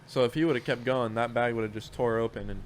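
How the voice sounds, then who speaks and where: A man's voice: medium pitch, steady tone, fairly quick, a little hiss or hum. A man in casual podcast chat, telling work stories in a rambling, profane way with lots of restarts.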